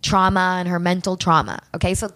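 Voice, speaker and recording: A woman casually telling a true crime story for laughs, animated and acting out the people in it. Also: fairly low pitch, brisk. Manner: animated, acts out quoted people with swearing and asides.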